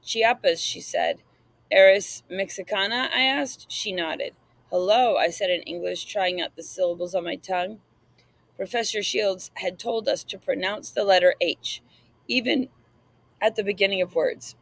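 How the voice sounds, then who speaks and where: A woman reading an audiobook aloud, narrating in the first person in a measured, reflective way. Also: medium pitch, creaky, poor audio.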